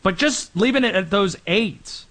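A man hosting a sports talk show, running through players and teams with energetic, emphatic delivery. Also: high-pitched, unhurried. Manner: energetic, emphatic, rattling off names. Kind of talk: sports commentary segment.

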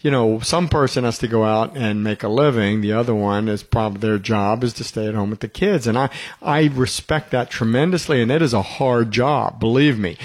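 A man's voice: medium pitch, moderate pace. A middle-aged man hosting a radio talk show, telling rambling stories in casual conversation and chuckling often.

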